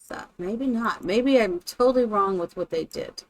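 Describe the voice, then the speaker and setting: A woman's voice: medium pitch, measured pace, a little hiss or hum. Chatty woman streaming a building game. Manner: chatty, thinks aloud, greets viewers by name. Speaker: live streamer. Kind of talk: casual live-stream commentary while building in a game.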